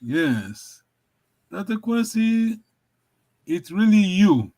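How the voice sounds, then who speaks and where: A man's voice: sits high, big pitch swings, drawn-out words, warm tone, low-quality recording. A man teaching a language over a video call, encouraging and repetitive, often laughing. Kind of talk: online language lesson.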